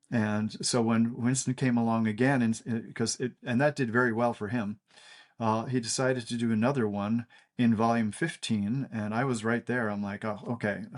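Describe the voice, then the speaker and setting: An older man, a cartoonist guest, telling stories in a casual interview, halting with many fillers and restarts. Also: mid-range voice.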